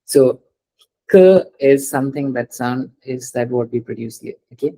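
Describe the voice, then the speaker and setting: A male language teacher with a mellow, slightly husky voice walks a student through pronunciation rules one step at a time. He talks patiently and keeps prompting her to read words out loud. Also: medium pitch, normal speed, low-quality recording. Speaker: French teacher.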